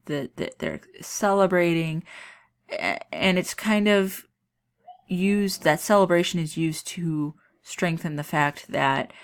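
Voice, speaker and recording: A woman teacher walks her class through a poem in a chatty, informal way, with many fillers and restarts. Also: deep voice. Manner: chatty, filler-heavy explaining with frequent restarts. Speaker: English teacher. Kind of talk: recorded class lesson on a poem.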